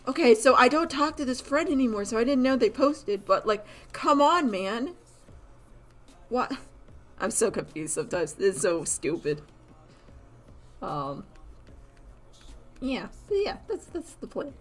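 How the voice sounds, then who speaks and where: A woman chatting casually while she draws on a live stream, rambling and animated, laughing often and filling her talk with "like". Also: a little high, measured pace, pauses often, soft background music. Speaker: artist streamer.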